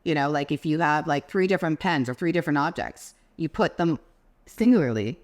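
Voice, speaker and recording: A woman co-hosting a podcast, calmly explaining ideas in casual chat. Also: deep voice, a little fast. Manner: reflective, explains ideas step by step. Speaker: podcast co-host.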